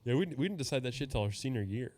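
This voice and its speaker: A man's voice: mid-range voice, lively intonation, racing, darkish tone. A young man hosting a podcast, telling loose stories with lots of laughs and swearing. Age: young adult. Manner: laughing, swearing, rambling storytelling. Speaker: podcast host. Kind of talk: casual chat.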